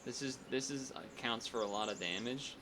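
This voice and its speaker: A man's voice: mid-range voice, normal speed, noisy background. A man streaming a strategy game, chatting casually and thinking aloud, often restarting his sentences. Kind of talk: casual gameplay commentary.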